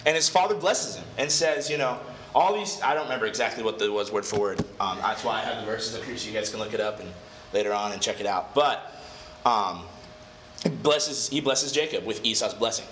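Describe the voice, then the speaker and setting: A man leads a casual Bible lesson in a chatty, digressive way and corrects himself as he goes. His voice is bright and clear-toned. The recording is echoey and a bit dull, with faint noise underneath. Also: on the low side, a little fast. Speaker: Bible study leader. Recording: echoey room, slightly dull.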